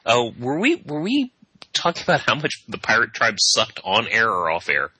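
A man's voice: fairly low pitch, big pitch swings, brisk, bright, forceful tone, breathy edge, no echo, low-quality recording. A man co-hosting a card game podcast, chatting casually in a joking, rambling way. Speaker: podcast co-host. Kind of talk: casual chat.

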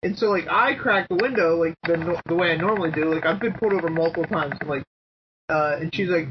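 A man's voice: fairly high pitch, quick pace. A man co-hosting a podcast, telling a story in casual chat, laid-back, laughing often and restarting his sentences. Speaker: podcast co-host. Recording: dull lo-fi podcast audio with faint hiss.

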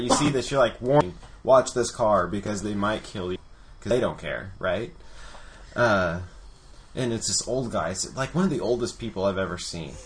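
A man in his thirties with a somewhat low voice tells a story as he co-hosts a podcast. He rambles along loosely and swears freely. A faint hiss of room noise sits under him. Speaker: podcast co-host. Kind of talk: casual chat.

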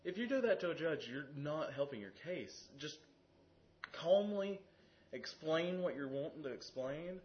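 A man's voice: on the high side, lively intonation, a little slow. A man on a casual podcast who works as a card game judge, telling stories and explaining the rules. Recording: dull lo-fi audio.

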